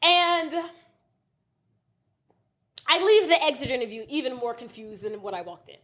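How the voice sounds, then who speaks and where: A woman in her late twenties with a high voice tells a story on a podcast in casual chat. She is blunt, heated and profane, and acts out what others said as she goes. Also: expressive, normal speed, a bit bright. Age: late 20s. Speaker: podcast co-host. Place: podcast studio.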